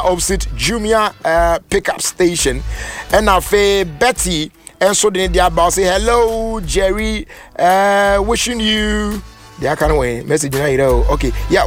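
A high-pitched man with a Ghanaian accent runs a live radio show, reading listener messages in an animated, chatty way. He slips into a half-sung delivery and laughs often. Faint music plays behind him. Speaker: radio host.

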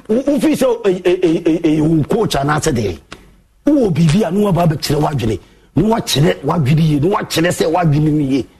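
A man with a Ghanaian accent hosting a sports monologue show, mixing Twi and English, theatrical, with big swings in pitch. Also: a little mellow, breathy edge. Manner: mixes Twi and English, theatrical, shifts pitch a lot, sings bits.

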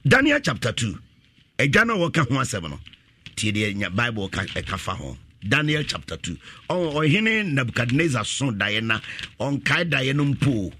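A man preaching on the radio, repeating scripture lines after a reader and rising to shouted appeals. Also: medium pitch, big pitch swings, moderate pace. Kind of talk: call-and-response Bible preaching.

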